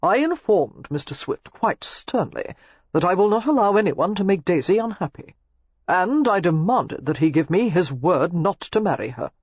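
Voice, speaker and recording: A reader voicing a calm nobleman husband who speaks evenly with dry amusement. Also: sits high, moderate pace, breathy edge, dry recording, dull audio, full character voice. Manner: even, dryly amused. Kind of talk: audiobook character voice.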